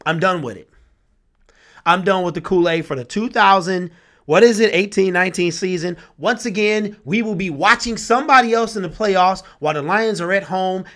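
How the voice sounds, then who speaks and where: A young man with a high voice delivers an exasperated sports rant. He talks with passion and repeats himself often, sounding thoroughly fed up. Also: fairly bright tone. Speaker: sports vlogger. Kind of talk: ranting sports commentary.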